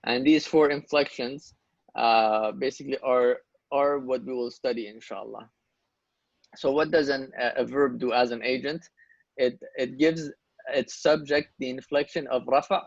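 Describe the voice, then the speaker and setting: Gravelly male grammar teacher, dull dry sound. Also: medium pitch, fairly even intonation, moderate pace, dry recording. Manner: explains step by step, checks understanding with questions. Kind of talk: live grammar lesson with student questions.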